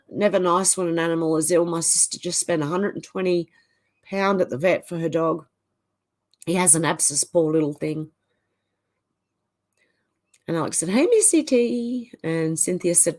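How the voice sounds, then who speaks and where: A woman's voice: on the low side, steady tone, normal speed, darkish tone. A woman with an Australian accent hosts a livestream and reads viewer comments aloud, answering them in a casual, chatty way. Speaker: livestream host.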